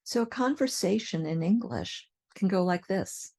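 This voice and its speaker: Slow, careful woman teaching English. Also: mid-range voice, animated, warm tone, no room sound. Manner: clear, deliberate modeling of example sentences.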